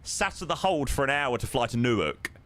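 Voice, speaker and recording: A man talks casually to his viewers while streaming. His mid-pitched voice is lively, rising and falling freely, and he fills gaps with ums and a friendly "mate". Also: brisk. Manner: chatty, answers viewers with lots of ums and "mate". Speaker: live streamer flying a flight simulator. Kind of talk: casual live-stream chat.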